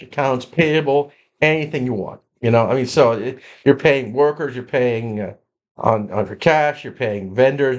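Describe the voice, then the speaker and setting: A man's voice: medium pitch, darkish tone. A man teaching an accounting lesson, explaining spreadsheet entries in a conversational way with frequent repeats and restarts. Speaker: accounting instructor. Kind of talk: screen-recorded lecture walkthrough.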